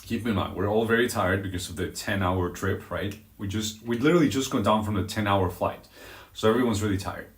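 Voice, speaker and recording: A man streaming live, telling a story in a dramatic, animated way with crude language. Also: lowish voice, fairly quick, echoey room. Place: outdoors on a walk.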